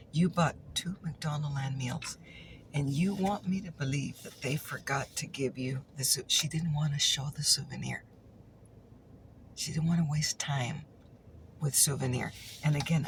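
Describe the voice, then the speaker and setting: A woman's voice: low-pitched, normal speed, creaky, noisy background. A woman telling a chatty ASMR story, teasing and repeating her punchlines, sometimes dropping into a whisper.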